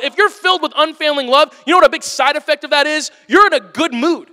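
A man preaching a conversational sermon to a live audience, animated and plain-spoken. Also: extremely high pitch, quick pace, hardly any pauses. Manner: animated, plain-spoken, playfully acts out quotes. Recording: long hall reverb.

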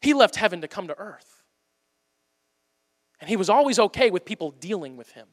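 A man preaching a sermon in a church, impassioned and swinging between loud appeals and hushed asides. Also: high voice, sing-song, moderate pace. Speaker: pastor. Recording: long hall reverb.

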